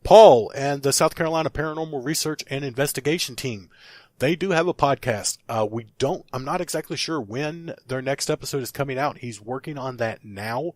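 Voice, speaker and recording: A man's voice: mid-range voice, a little fast, darkish tone, no echo. A man hosting a paranormal podcast, rattling off plugs in a rambling, self-correcting way until he runs out of breath. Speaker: podcast host.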